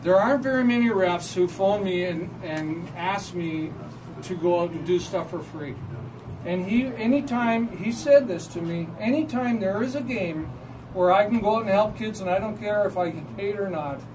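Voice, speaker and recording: A man with a Canadian accent telling lively, laughing anecdotes at a memorial gathering about a fellow referee. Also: high-pitched, moderate pace. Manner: animated storytelling, acts out quoted voices with laughter. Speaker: referee assigner giving a memorial tribute. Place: gathering hall with audience. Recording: distant mic, noisy crowd.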